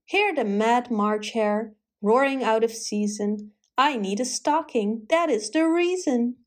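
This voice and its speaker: A woman's voice: on the high side, slow. A woman voicing a wild, roaring male March hare who speaks in rhyme. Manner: rhyming, boisterous.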